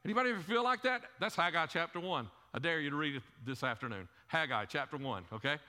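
A man's voice: fairly high pitch, lively intonation, fast talker, sharp tone. A male pastor preaching a sermon in a church, conversational, throwing rhetorical questions at the congregation and repeating words as he goes. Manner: frequent word repeats and fillers. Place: church sanctuary. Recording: long hall reverb in a church.

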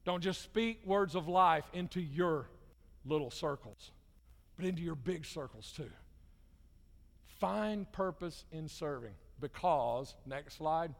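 A man's voice: on the high side, takes it slowly, creaky. A man preaching a sermon as pastor, talking casually to the congregation and building up to emphatic, repeated calls. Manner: conversational, rising to emphatic repetition. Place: church hall. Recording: long hall reverb.

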